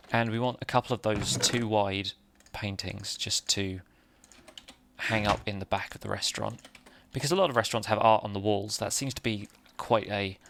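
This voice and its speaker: A man with a low, gravelly voice talks through his gameplay in a relaxed, chatty way. He laughs at himself a lot. Faint keyboard clicking sits under his voice. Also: slight background noise. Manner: chatty, self-deprecating, laughs often. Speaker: Minecraft let's-play host. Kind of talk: casual gameplay commentary.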